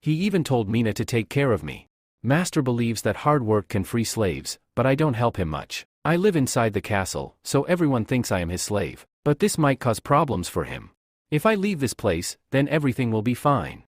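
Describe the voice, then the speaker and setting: Guy reading a manhwa recap, bouncy pitch, dry close sound. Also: big pitch swings, normal speed, no room sound. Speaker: narrator.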